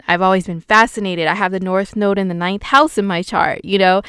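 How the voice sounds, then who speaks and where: A woman's voice: fairly low pitch, a bit bright, smooth, no room sound, studio quality. A woman with a West Coast American accent, hosting a casual horoscope talk for viewers in a chatty, playful way, with slangy asides. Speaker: astrologer, channel host.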